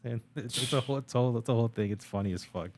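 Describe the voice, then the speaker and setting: A man's voice: mid-range voice, racing, a little mellow. A young man co-hosting a podcast, telling stories in a rambling, profane casual chat with many fillers. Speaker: podcast co-host.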